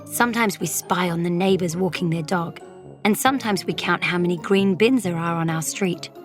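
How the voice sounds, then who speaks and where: Expressive woman reading a kids' story. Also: on the low side, moderate pace, soft background music. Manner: expressive, dropping to whispers for suspense. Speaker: audiobook narrator. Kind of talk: children's storybook narration in a young girl's first person.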